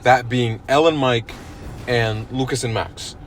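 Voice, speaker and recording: A man's voice: mid-range voice, fairly even intonation, measured pace, slight background noise. A young man co-hosting a podcast in casual chat, agreeable and stressing words for emphasis. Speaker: podcast co-host.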